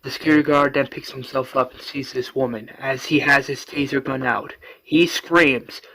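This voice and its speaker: A man's voice: medium pitch, flat delivery, a little fast, pushed and bright, rough recording. A man casually retelling a fan-made superhero story, rambling and using many fillers.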